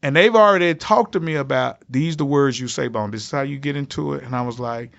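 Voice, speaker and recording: A man's voice: mid-range voice, fast talker, creaky, fairly bright tone. A man, a comedian guest, telling a story in a podcast interview, acting out other people's lines with big jumps in his voice. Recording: slightly dull lo-fi audio.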